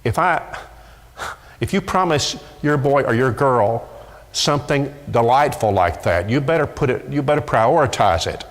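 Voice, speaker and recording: A man's voice: medium pitch, lively intonation, normal speed. Preacher man in an echoey church hall. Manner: emphatic, repeats words when pressing a point. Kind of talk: sermon. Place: church sanctuary.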